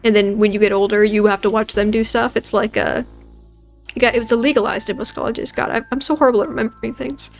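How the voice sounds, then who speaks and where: A woman's voice: on the high side, steady tone, fast, soft background music. A woman hosting a let's play, chatting and joking casually as she plays a video game. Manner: joking, chatty, self-deprecating. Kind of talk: gaming commentary.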